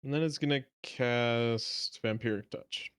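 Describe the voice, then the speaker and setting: A man's voice: mid-range voice, measured pace, clean tone, dry recording, studio quality. A man narrating as game master of a tabletop game, matter-of-fact and playful.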